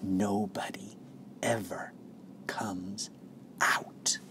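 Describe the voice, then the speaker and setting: A man's voice: medium pitch, moderate pace, a little hiss or hum, lightly acted. A man voicing an old grandfather spinning a story for a child in a storybook reading, sometimes dropping to a secret whisper. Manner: animated storytelling that drops to a hushed whisper. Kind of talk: storybook read-aloud.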